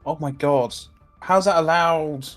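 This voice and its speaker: A man's voice: a little high, measured pace, over loud music. Man rambling hesitantly on a game call. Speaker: player in a multiplayer game session. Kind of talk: casual group chat over voice call.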